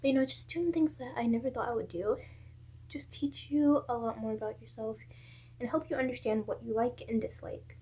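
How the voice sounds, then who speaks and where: Young woman vlogger with a breathy, slightly raised voice, talking earnestly and openly to her camera. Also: a little high, darkish tone. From South Carolina. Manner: candid, earnest and personal. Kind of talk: casual advice talk to camera.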